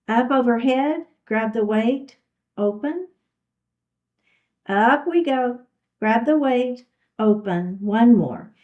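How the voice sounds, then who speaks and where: Through dull audio, a woman with a medium-pitched voice leads chair yoga, guiding participants move by move with warm encouragement. She's a little breathless as she teaches.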